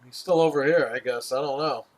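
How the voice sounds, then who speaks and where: A man's voice: medium pitch, a little fast. A man hosting a casual podcast, telling an exasperated, profanity-laced story in a ranting chat. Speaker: podcast host.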